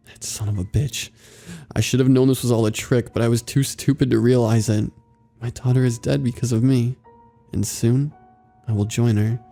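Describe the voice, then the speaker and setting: A man narrating first-person horror stories in a steady, grave, scripted storytelling manner. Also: mid-range voice, creaky.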